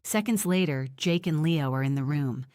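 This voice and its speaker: Low-voiced woman narrating an audiobook. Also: darkish tone, no echo, studio quality. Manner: tense, measured storytelling. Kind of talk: first-person audiobook narration.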